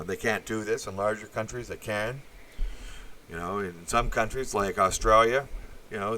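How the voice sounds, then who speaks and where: Brief: lower-voiced man ranting off the cuff, blunt and profane, lots of "you know". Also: fairly bright tone, a little hiss or hum. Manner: blunt, profane, meandering with many fillers. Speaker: channel host. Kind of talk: rambling opinion monologue.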